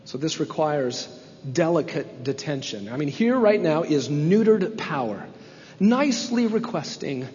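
A man preaching verse by verse, his voice raised a little higher than most men's. He swings from quiet explanation to loud, emphatic passages. The sound is slightly dull and rings with a long hall reverb. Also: a little hiss or hum. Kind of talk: expository sermon.

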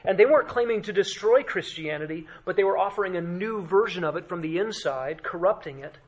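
A male pastor delivering a sermon in a fairly high voice. He preaches with emphasis, sinks to a hush for weight, and puts rhetorical questions to his listeners. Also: a little fast. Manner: emphatic preaching with dramatic drops to quiet.

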